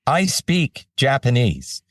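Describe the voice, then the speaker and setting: Guy doing a high excited chef voice, baffled and asking why, a bit off mic. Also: slow, dry recording, studio quality, recorded from a distance, exaggerated voice. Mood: puzzled. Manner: incredulous, rising exclamations. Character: bewildered male celebrity chef, excited.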